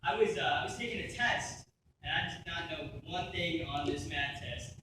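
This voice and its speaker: A young man telling a stand-up story on a theater stage, with quick asides and quoted voices. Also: on the high side. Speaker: stand-up comedian. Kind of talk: stand-up set. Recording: echoey room from far off with noise. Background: audience laughter.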